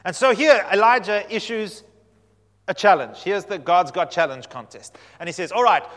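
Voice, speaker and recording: Preacher in a reverberant hall. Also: male voice, high-pitched, moderate pace. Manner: animated storytelling, swinging from loud to hushed. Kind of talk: sermon.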